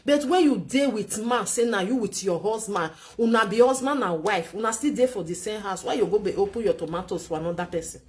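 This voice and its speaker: A woman's voice: medium pitch, brisk, few pauses. A woman with a Nigerian Pidgin accent giving relationship advice in chatty, lecturing commentary, repeating points for emphasis. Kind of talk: casual commentary.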